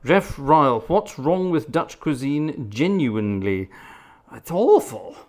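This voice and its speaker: A man's voice: a little high, very animated, slow. A middle-aged British man hosting a live stream, reading viewer comments aloud and answering them with dry, chatty humour. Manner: chatty and wry, reads comments aloud then jokes back. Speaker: livestream host and organist.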